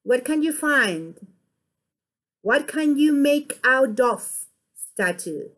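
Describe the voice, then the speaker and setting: A woman with an Ecuadorian Spanish accent teaches an online English class, speaking slowly and deliberately. Her voice sits somewhat high, and she repeats short phrases to model intonation. She comes across as a patient teacher. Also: lively intonation, a bit bright.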